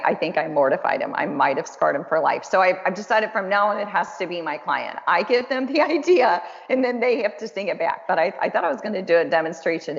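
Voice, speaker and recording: A woman's voice: on the low side, creaky. A woman host and counselor talking casually and encouragingly, with a chatty, self-deprecating way of speaking. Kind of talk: casual conversational webinar talk. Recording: dull lo-fi audio with long reverb.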